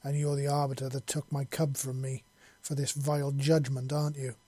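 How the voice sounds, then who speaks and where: Read aloud from a storybook by a man, a stern alien clan matriarch speaks calmly, with anger held back. The voice is mellow and husky, and the recording is dry. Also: mid-range voice, moderate pace, dry recording, natural voice. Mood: grim. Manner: calm, restrained anger.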